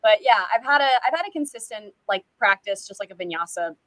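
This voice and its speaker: A young woman from California chatting casually as an interview guest, quick and self-deprecating, peppering her talk with "like.". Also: mid-range voice, animated, a bit bright, no room sound, low-quality recording. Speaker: guest, actress and musician.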